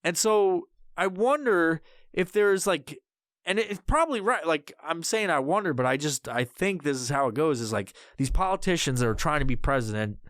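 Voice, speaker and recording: A man's voice: a little high, lively intonation, moderate pace, a bit bright, no echo, studio quality. A man hosting a podcast, ranting casually and profanely through a headset mic, rambling with many restarts. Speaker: podcast host.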